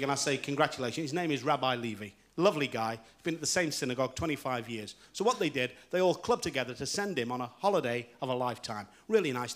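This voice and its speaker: A middle-aged man hosting a live variety show, telling jokes in a stand-up monologue with frequent chuckles. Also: a little high. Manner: brisk joke-telling with chuckles. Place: large theatre stage. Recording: live theatre with roaring audience. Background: loud audience laughter and applause.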